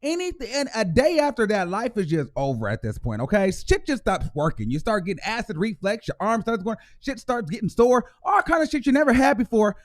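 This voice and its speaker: A man in his thirties hosting a call-in show, joking and swearing in loud, playful banter. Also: high-pitched, very animated, fairly quick, few pauses. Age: 30s. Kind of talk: casual call-in chat.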